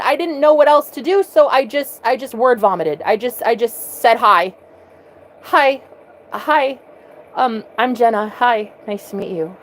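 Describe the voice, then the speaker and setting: A woman's voice: high-pitched, slight background noise, rough recording. Earnest woman telling a personal story. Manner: earnest, repeats words as she restarts. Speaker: vlogger.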